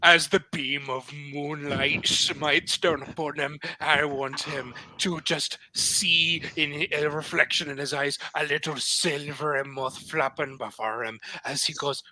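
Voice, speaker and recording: A man's voice: a little high, fairly even intonation, unhurried, few pauses, pushed and bright, a little hiss or hum. A man narrating his character's actions as a player in a tabletop game, chuckling often. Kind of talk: casual play narration.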